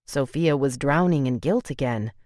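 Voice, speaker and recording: A woman's voice: rumbling low, normal speed, darkish tone, no room sound, clean studio sound. A woman narrating a romance audiobook in an emotive way, voicing the tearful heroine's lines with feeling.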